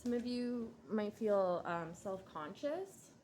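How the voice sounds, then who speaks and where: A woman's voice: medium pitch, lively intonation, a little mellow, a little hiss or hum. A woman giving a casual tarot reading, musing and hesitant, drowsy and yawning. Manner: slow, musing, hesitant with many ums and likes. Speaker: tarot reader.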